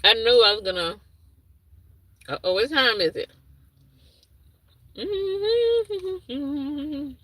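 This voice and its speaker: A woman's voice: mid-range voice, normal speed, pauses often, pushed and bright, dry recording, poor audio. A woman chatting casually on a livestream, rambling and losing her thread as she answers viewers' comments. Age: adult with a young son. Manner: reads and answers chat comments aloud. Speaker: livestream host.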